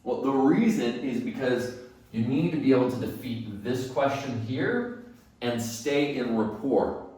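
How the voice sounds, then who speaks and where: A man's voice: medium pitch, expressive, unhurried, darkish tone, far from the mic. A man teaching dental staff phone skills, emphatic, asking and answering his own questions. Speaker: dental practice phone coach. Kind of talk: instructional talk. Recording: very echoey room, set back from the mic.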